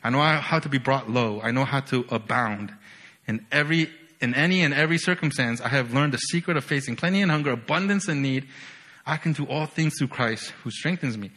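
A young man preaching a sermon with lots of energy, often asking "right?" and swinging from loud bursts to quiet, low lines. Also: fairly quick.

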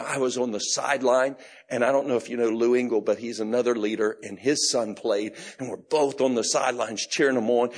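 A middle-aged man pastor preaching a sermon, telling a personal story with laughs and bursts of shouting. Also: mid-range voice, breathy edge. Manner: animated storytelling, laughing, shouting in retold moments.

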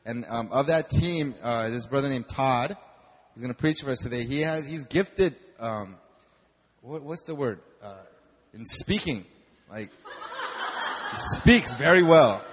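A man's voice: medium pitch, unhurried, slightly rough. A man introducing the preacher at a church service, hesitant and searching for words. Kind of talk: casual introduction. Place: church hall. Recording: long hall reverb, faint noise.

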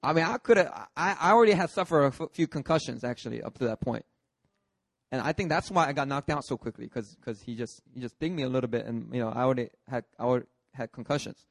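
Animated preaching man with a dry sound. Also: medium pitch, quick pace, vocal fry, no echo. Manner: lively, acts out scenes with shifting voices. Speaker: pastor. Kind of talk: sermon with personal storytelling.

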